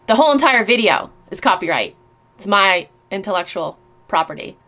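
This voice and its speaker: A woman's voice: mid-range voice, animated, brisk, pushed and bright. A woman YouTuber reading and answering mean comments in a blunt, sarcastic, profane way. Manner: blunt, sarcastic, swears often. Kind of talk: casual vlog reading comments.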